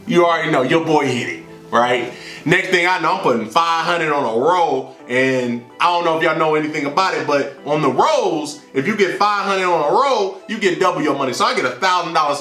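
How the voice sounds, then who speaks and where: A young man telling a storytime vlog in an animated, slangy way, recorded indoors in a roomy space with faint music. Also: a little high. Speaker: vlogger.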